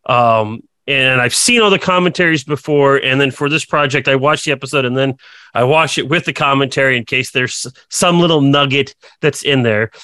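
A man's voice: a little high, pushed and bright, dry recording. A man interviewing a guest, asking hesitant, searching questions with fillers.

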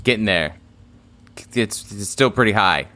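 Teasing guy cohosting, lowish voice that jumps around a lot. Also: animated, unhurried, bright, forceful tone. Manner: dry, teasing, laughs often. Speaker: podcast co-host. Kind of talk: casual chat.

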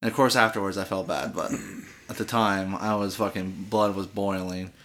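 A man with a lowish, bright, forward voice, chatting casually. He tells a profane, rambling story full of restarts and "like"s. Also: steady tone, moderate pace. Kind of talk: casual chat.

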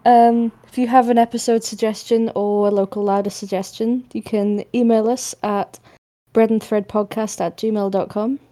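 A woman with a Northern English accent, co-hosting a podcast in a relaxed, easygoing chat. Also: on the high side, moderate pace. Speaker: podcast co-host. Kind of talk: casual chat.

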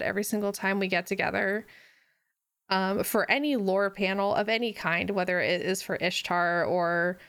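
A woman telling a story in casual chat, animated, laughing often and swearing freely. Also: medium pitch, creaky.

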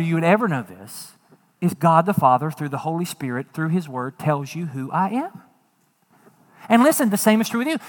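A man preaching a sermon as a pastor, folksy and animated, acting out quotes and dropping jokes. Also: sits high, big-room sound.

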